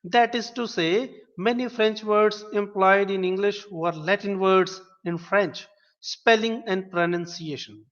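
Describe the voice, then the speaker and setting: Male webinar lecturer, high voice, patient step-by-step explainer who spells words aloud; reverberant hall sound. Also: steady tone, unhurried, fairly bright tone. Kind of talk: online linguistics lecture. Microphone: webinar stream. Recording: dull lo-fi audio with long reverb.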